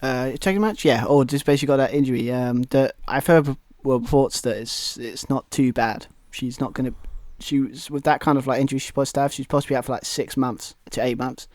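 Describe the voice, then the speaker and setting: A man's voice: mid-range voice, fairly even intonation, fairly quick, hardly any pauses, darkish tone, no room sound. Rambling British man, dry mic. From Britain. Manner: rambling, many restarts and fillers. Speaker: podcast co-host. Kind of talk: casual chat.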